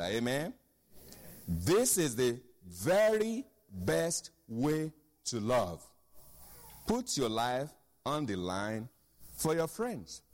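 A pastor preaches a sermon emphatically, repeating key phrases and asking the congregation for an amen. His mid-range voice carries a big-room sound.

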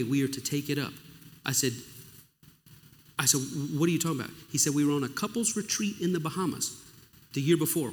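A middle-aged male pastor telling his story in a sermon, with emotional storytelling and acted-out dialogue. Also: mid-range voice. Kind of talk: sermon testimony. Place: church or conference hall. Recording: long reverb of a large hall.

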